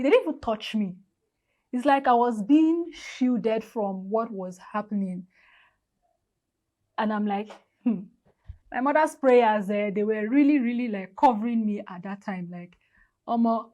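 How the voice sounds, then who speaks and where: A woman's voice: mid-range voice, darkish tone. Chatty Nigerian woman telling a story. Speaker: vlogger. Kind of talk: storytime vlog. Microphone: lavalier.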